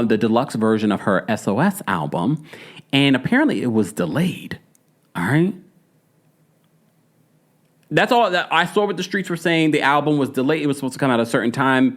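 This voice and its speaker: Animated Jamaican man chatting to viewers. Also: mid-range voice. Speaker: celebrity news commentator. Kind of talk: casual chat.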